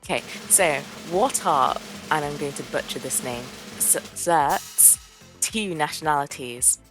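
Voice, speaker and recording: A woman with a very deep voice joins a casual gaming podcast chat. She rambles in a friendly way, filling her talk with likes and you knows. Faint music plays behind her. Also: animated, unhurried, fairly bright tone.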